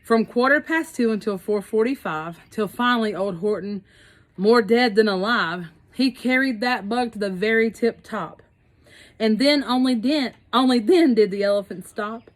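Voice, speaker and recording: A woman reading a rhyming picture book aloud in a rhythmic, expressive way, adding chatty asides. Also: on the high side, moderate pace, poor audio. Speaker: storyteller.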